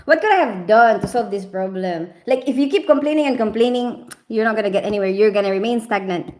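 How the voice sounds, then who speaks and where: A middle-aged woman with a slightly high voice chats casually on a live stream. She laughs often and teases and scolds a viewer playfully while reading messages aloud. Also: quick pace, darkish tone. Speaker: livestream host reading chat.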